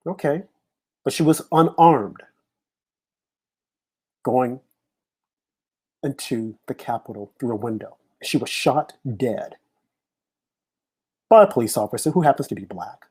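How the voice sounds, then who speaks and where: A man's voice: medium pitch, darkish tone, husky. A man hosting a live political talk show, opening with an impassioned monologue full of rhetorical questions. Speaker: host.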